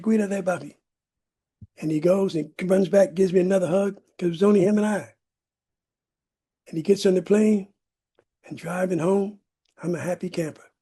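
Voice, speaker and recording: A man from California tells his recovery story to a meeting. His voice is husky and mellow, pitched a little high. He builds his telling dramatically, stacking up emphatic repeated words. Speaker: recovery speaker. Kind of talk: personal recovery testimony. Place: meeting room.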